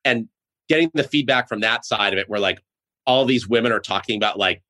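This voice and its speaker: A man's voice: fairly low pitch, fairly quick, sharp tone. A man from Boston, a show co-creator, chatting eagerly in an interview with lots of "like" fillers. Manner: chatty, filler-heavy, enthusiastic. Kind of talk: casual interview chat.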